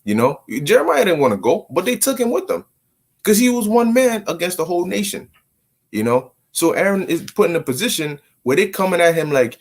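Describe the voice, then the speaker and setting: A man's voice: high-pitched, a little fast, creaky. Slangy, stammering man explaining scripture. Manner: slangy, stammering repetitions, animated. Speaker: bible study teacher. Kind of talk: casual scripture commentary.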